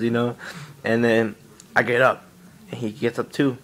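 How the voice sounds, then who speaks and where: A man's voice: medium pitch, flat delivery, normal speed, fairly bright tone. Rambling young guy telling a story. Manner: rambling, lots of fillers and swearing. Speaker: vlogger. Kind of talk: casual storytelling.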